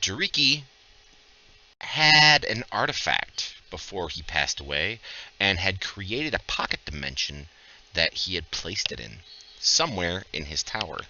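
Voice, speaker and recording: A man running a tabletop game as game master, lively and joking as he introduces players and narrates. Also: sits low, a little slow, muffled recording.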